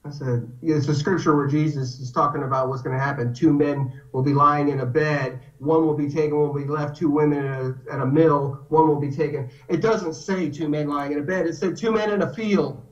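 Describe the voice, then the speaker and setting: A man's voice: on the high side, brisk, hardly any pauses. A man telling stories in a casual conversation, acting out the voices of the people he quotes. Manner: animated storyteller, acts out quotes. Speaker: guest. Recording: echoey, distant, dull lo-fi sound.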